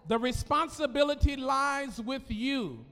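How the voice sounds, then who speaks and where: A male pastor delivers a lively sermon, drawing the room in with call-and-response. His voice sits unusually high for a man. The sound rings out with a long reverb in a church hall. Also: unhurried. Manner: animated, call-and-response, laughing asides.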